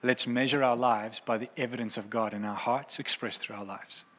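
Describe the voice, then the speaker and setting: Male pastor, mid-pitched, impassioned and earnest sermon delivery, long church-hall reverb. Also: fairly even intonation, moderate pace, fairly bright tone. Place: church auditorium.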